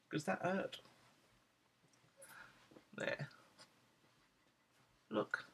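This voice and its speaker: A man at home showing off his dogs, switching into high cooing baby talk whenever he speaks to them. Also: a little slow, long pauses, pushed and bright, breathy edge, rough recording. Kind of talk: casual home video chat.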